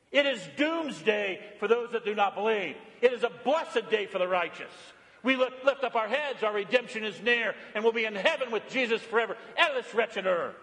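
A male pastor preaching a sermon, animated, rising high and loud on exclamations and dropping low and quiet on reflective lines. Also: moderate pace, in a large hall.

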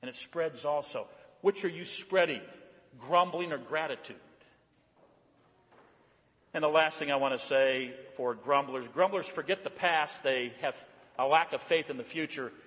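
A male pastor preaching a sermon, animated, rising high and loud on exclamations and dropping low and quiet on reflective lines. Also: unhurried, long reverb tail.

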